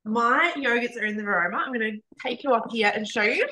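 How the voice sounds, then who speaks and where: Bright-voiced woman, casual rambling cooking presenter. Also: a little high, fast. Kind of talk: live online cooking demo.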